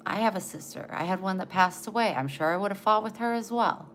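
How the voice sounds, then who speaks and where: A woman vlogger in a casual home video, talking tenderly with frequent pauses and running short of breath. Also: mid-range voice, fairly bright tone, a little hiss or hum. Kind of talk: casual home vlog, talking to her dogs and giving heartfelt advice.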